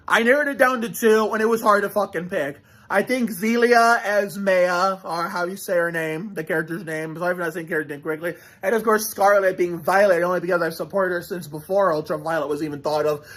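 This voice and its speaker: High-voiced man rambling about a show. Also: a bit bright. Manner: rambling, profane, many restarts. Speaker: vlogger reacting to a show. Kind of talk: casual reaction talk.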